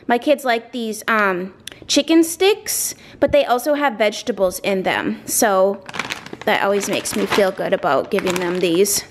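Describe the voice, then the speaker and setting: In a mid-range, animated voice, a woman walks through her grocery haul at home like a casual vlogger, keeping a measured pace. Slight background noise sits behind her slightly breathless rambling, thick with fillers and side comments.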